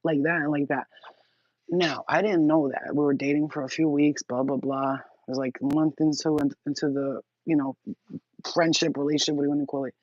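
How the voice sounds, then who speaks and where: A woman in her forties tells stories to her phone camera in a husky, slightly rough voice. She is blunt and crude and breaks into laughter often. The sound is dry and dull, like lo-fi phone audio. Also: low-pitched, fairly even intonation, fairly quick, a little mellow, dry recording. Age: 40s. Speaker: channel host. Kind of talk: candid storytelling to camera.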